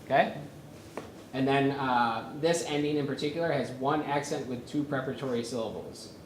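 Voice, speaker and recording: Guy teaching chant at a workshop, lots of ums, echoey room with a faint hiss. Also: mid-range voice. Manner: halting with many fillers, hums melodies to demonstrate. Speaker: music workshop presenter. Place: conference room with a live audience. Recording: roomy echo from a lecture space.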